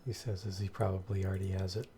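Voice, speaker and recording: A man's voice: low voice, flat delivery, quick pace, warm tone, a little hiss or hum. A man running a tabletop game as game master, encouraging the players and explaining the rules step by step.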